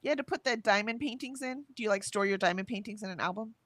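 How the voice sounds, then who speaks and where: A woman co-hosting a livestream, chatting casually and reading viewers' messages aloud with lively lifts in her voice. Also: medium pitch, fast, no room sound. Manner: chatty, reads messages with bright lifts, laughs often. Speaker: livestream co-host reading chat.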